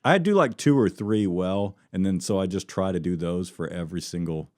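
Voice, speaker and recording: Low-voiced man, rambling podcast host. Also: normal speed, darkish tone, dry recording, clean studio sound. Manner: rambling, laughs often, trails off. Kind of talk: casual chat.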